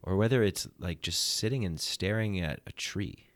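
A man's voice: low voice, moderate pace, dry recording. A man hosting a podcast, talking in an earnest, reflective way in casual conversation. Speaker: podcast host.

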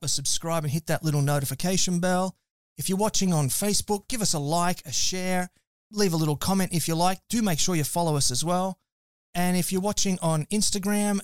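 A man's voice: on the high side, no room sound, studio quality. An Australian man hosting a podcast, chatting in an upbeat, casual way with loose fillers. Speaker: podcast host. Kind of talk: live podcast chat.

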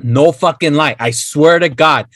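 Laughing, high-pitched Chicano man. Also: measured pace, a bit bright, dry recording, clean studio sound. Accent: Chicano English. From United States. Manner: laughs a lot, swears, slips into mock voices. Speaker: podcast co-host. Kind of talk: casual chat.

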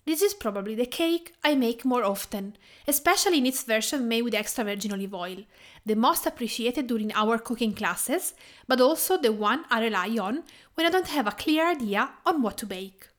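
A woman's voice: a little high, lively intonation, normal speed. Italian-accented woman hosting a cooking podcast. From Tuscany, Italy. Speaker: podcast host and cooking teacher. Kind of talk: scripted podcast narration.

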